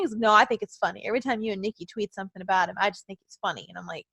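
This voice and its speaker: A woman's voice: medium pitch, very fast, few pauses, fairly bright tone, no echo. A young woman co-hosting a podcast, chatting casually and animatedly, swearing and laughing often. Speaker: podcast co-host. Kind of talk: casual chat.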